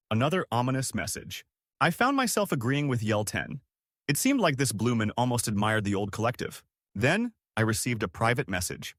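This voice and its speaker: A young man narrating a horror story in a dramatic, expressive way. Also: medium pitch, moderate pace, dry recording, studio quality. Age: young adult.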